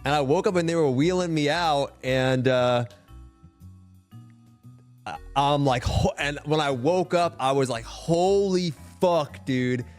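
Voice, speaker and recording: A man's voice: a little high, a little slow, pauses often, soft background music. A young man and streamer telling a story in casual chat, rambling with lots of filler words and swearing.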